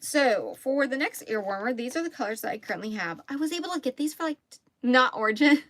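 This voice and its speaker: A young woman with a Southern American accent talks casually through a live crafting stream. She is chatty and easygoing, answers viewer comments and laughs easily. Her voice sits at an ordinary middle pitch. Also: a bit bright. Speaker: crochet livestreamer.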